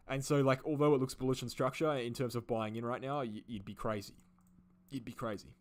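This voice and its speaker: A man's voice: mid-range voice, steady tone, a little fast. An Australian man hosting a live stream, answering viewer questions in a rambling way, full of fillers and repeated phrases. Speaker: crypto channel host.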